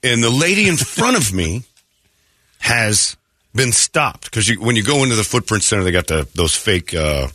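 A man's voice: lowish voice, sing-song, normal speed, sharp tone. A man hosting a morning radio show, rambling through casual stories and acting out what people said. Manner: rambling storyteller, acts out quotes. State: clearing throat. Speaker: radio host. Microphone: studio mic.

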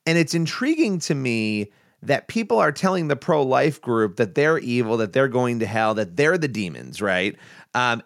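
A man's voice: medium pitch, dry recording, clean studio sound. A man co-hosting a faith news podcast, recapping a story conversationally with fillers and restarts. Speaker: podcast co-host. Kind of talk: news commentary chat.

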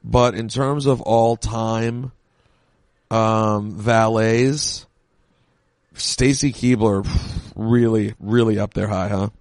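A man's voice: lowish voice, steady tone, slow pace, a little mellow, no room sound. A man co-hosting a podcast, chatting casually and jokingly while watching an old wrestling match, with rambling asides. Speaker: podcast co-host.

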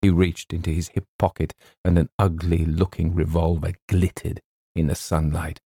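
Deep gravelly guy reading a funny story, measured and wry. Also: little pitch movement, warm tone, no echo, studio quality. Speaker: audiobook narrator. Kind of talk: scripted narration.

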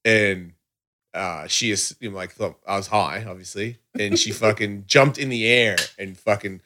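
A man co-hosting a casual podcast chat, swearing freely and telling stories with lots of quoted dialogue, jumping high in pitch whenever he quotes someone. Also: normal speed, a little hiss or hum. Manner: profane, animated, jumps high when quoting people.

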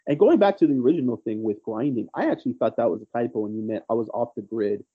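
A man's voice: mid-range voice, quick pace, husky, phone-quality sound. A man co-hosting a casual sports podcast, telling recruiting stories in a rambling, teasing way. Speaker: podcast co-host, recruiting analyst.

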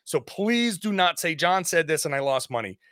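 A man's voice: on the high side, expressive, moderate pace, a bit bright, smooth, no echo, studio quality. A man hosting a sports podcast, chatting casually and self-deprecatingly, slipping into an ad read. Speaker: podcast host.

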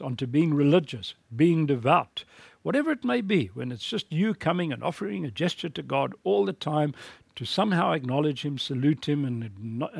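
Gravelly, blunt male lecturer. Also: a little high, no room sound. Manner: blunt, emphatic preaching tone. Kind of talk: recorded course lecture.

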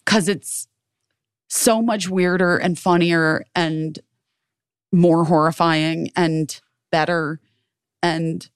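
A woman's voice: lowish voice, slow pace, long pauses, clean tone, dry recording, clean studio sound. A woman co-hosting a podcast, telling a story in casual chat. She acts out her friends' lines, swears freely and fills her talk with "like". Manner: animated storyteller acting out quoted friends, lots of swearing and "like". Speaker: podcast co-host.

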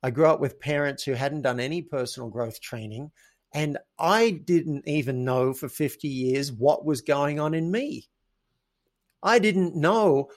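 A man's voice: fairly high pitch, lively intonation, measured pace. A man, a podcast guest who tells stories animatedly and acts out his own quoted thoughts. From Australia. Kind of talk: casual interview chat.

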